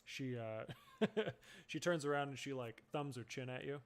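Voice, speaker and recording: A man acting as game master for a tabletop game, giving short, relaxed replies and narrating. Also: medium pitch, normal speed.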